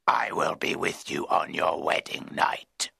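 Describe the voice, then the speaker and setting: A man voicing a vengeful, lonely male monster in a storybook reading, speaking slowly and menacingly in a half-whispered voice. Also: rumbling low, level tone, sharp tone, heavily acted. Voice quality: gravelly, raspy, half-whispered. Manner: slow, menacing, commanding.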